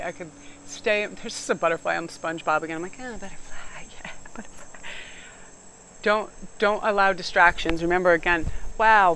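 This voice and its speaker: A woman's voice: on the low side, a little hiss or hum. Chatty New woman reading tarot outdoors. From New England. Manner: chatty, animated, gets loud and emphatic. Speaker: tarot reader. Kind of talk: casual tarot reading chat.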